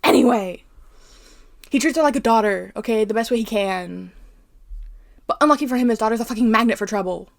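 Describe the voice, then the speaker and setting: A young woman from Arizona talks through a novel in a casual commentary, her slightly high voice turning heated and animated as she rants. She swears freely and talks like a host chatting to her regular viewers. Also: fairly quick, vocal fry, pauses often. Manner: animated, profane, heated ranting. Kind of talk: casual rant-style book commentary.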